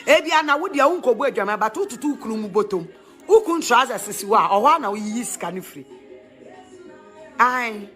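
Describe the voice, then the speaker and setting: A middle-aged woman with a Ghanaian accent giving emphatic, preachy advice in animated talk, laughing often. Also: fairly high pitch, brisk, soft background music.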